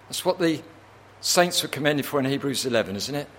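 A man preaching a sermon earnestly, with tag questions, who swells to impassioned, near-shouted pleading when voicing prayers. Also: mid-range voice, expressive, a little fast.

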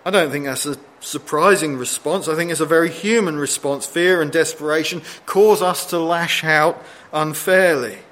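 A man preaching a sermon in a slightly raised voice. He reads scripture aloud, acts out the desperate quotes with mounting intensity, and slows right down to land his points. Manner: expressive, rising pitch for dramatic quotes, slowing for emphasis.

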